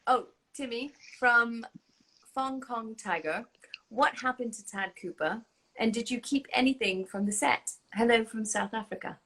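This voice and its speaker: A woman's voice: a little high, measured pace. A woman hosting a casual chat, asking questions and laughing often. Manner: warm laughing interviewer. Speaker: host.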